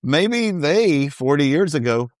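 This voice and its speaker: A man's voice: a little high, animated, slow pace, dry recording, clean studio sound. A man co-hosting a casual podcast, chatting about a reality show in an easygoing way. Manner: easygoing, laughs along. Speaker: podcast co-host. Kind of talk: casual recap chat.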